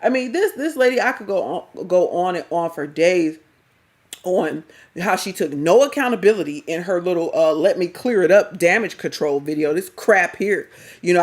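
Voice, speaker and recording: Blunt, animated woman ranting in slang. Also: lowish voice. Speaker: commentary vlogger. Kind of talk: casual reaction commentary.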